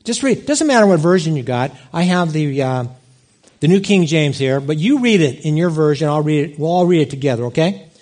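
Animated middle-aged preacher, fairly high voice. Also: male voice, a little fast. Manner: animated storytelling, big swings in pitch. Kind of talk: sermon with personal story.

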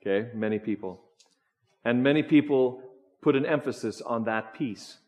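A man preaching a sermon, slow and emphatic, asking the congregation questions as he goes. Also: mid-range voice, a little mellow. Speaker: pastor.

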